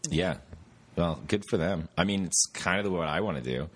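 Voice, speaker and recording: Deep-voiced rambling podcast host. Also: male voice, moderate pace. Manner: rambling, profane, tangent-prone storytelling. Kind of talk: casual chat.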